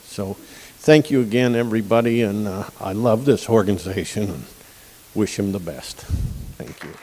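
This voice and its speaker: An older man, a guide dog client, giving an emotional, folksy graduation speech with pauses and throat-clearing. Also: lowish voice, a little mellow, big-room sound, a little hiss or hum, poor audio. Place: outdoor campus stage with audience.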